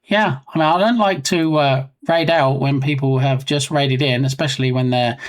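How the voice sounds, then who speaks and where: A man's voice: medium pitch, moderate pace. A man chatting casually on a live game development stream, rambling and self-mocking.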